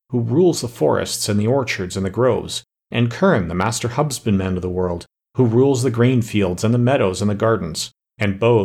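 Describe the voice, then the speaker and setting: Gravelly low-voiced male narrator. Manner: steady, measured storytelling. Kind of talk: audiobook reading of a fairy tale.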